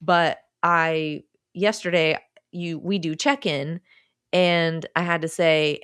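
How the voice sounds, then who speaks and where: A woman in her forties, a seasoned improv performer, chats casually and tells her stories with animated energy. Her voice sits a bit low for a woman, and the sound is dry and close with no room echo. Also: slow pace, smooth. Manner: animated, laughing storyteller. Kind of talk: casual conversation.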